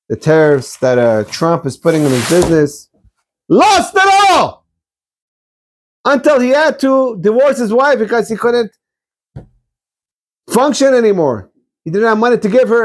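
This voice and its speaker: A man's voice: fairly high pitch, darkish tone. A man giving a rabbi's sermon, blunt and exhortative, urging his listeners.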